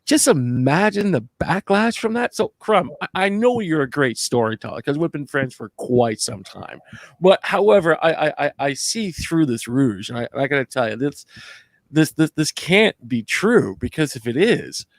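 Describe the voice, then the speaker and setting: A man's voice: fairly high pitch, big pitch swings, moderate pace, dry recording. A young man co-hosting a casual chat, often repeating his words in stammering restarts and sounding mock-indignant. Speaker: co-host.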